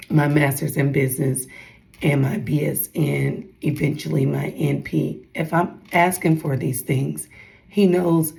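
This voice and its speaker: Young woman w a low husky-gravelly voice doing a chatty faith talk for her followers, acts out what other people said. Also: darkish tone, rough recording. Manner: chatty, keeps calling out to her viewers. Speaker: faith vlogger. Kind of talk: casual devotional talk to followers.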